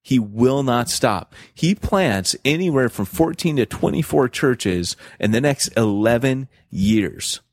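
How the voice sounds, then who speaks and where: A man co-hosting a podcast, talking in an animated, joking way with many restarts and fillers. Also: mid-range voice, slow, hardly any pauses, no room sound, clean studio sound. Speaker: podcast co-host. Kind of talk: casual podcast chat.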